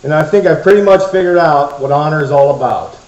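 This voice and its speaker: A man's voice: on the high side, fast talker, a little mellow. Playful man joking to kids in an echoey hall. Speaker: children's church presenter. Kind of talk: comic talk to a kids' audience. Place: church hall before a crowd of kids. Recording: echoey hall, muffled sound.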